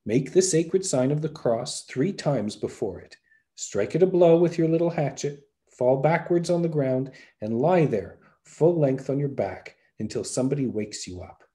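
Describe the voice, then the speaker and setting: A man's voice: medium pitch, animated, moderate pace, mellow, lightly acted. A man voicing a kind, wise ancient old man in a folktale reading. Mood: advising.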